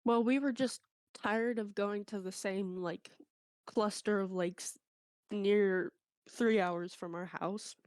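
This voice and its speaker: A woman's voice: mid-range voice, takes it slowly, smooth, no room sound, studio quality. A woman telling a funny story in casual chat, acting out the people in it. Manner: animated anecdote telling with quoted voices. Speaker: co-host.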